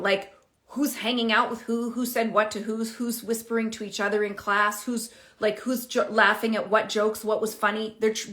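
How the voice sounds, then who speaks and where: Chatty middle-aged woman giving parenting advice. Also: a little high. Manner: animated, chatty, thinks out loud. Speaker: parenting coach. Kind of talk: casual direct-to-camera advice.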